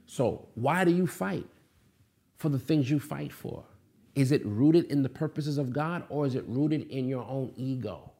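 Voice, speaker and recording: A male pastor in the middle of a sermon. His voice sits at an ordinary pitch. He drives his points home with repeated questions and sudden emphatic slowdowns. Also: vocal fry, warm tone. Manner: preaching with rising emphasis and repeated rhetorical questions.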